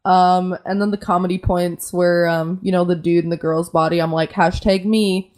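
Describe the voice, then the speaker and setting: A woman with a fairly low voice chatting as a podcast guest. She jokes at her own expense and keeps slipping into quoted reactions. It is loose, unscripted conversation. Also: moderate pace, smooth. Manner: joking, self-deprecating, animated quoting. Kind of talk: casual chat.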